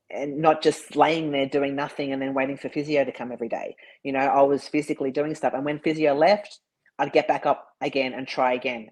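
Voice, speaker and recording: A man's voice: mid-range voice, poor audio. A man, a bodybuilder, talking as an interview guest. He tells his story earnestly and sometimes repeats words.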